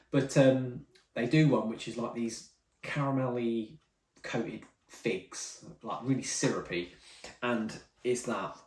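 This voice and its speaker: A man chatting casually through tasting notes as a whisky reviewer, rambling and correcting himself as he goes. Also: medium pitch. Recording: roomy, mic at some distance.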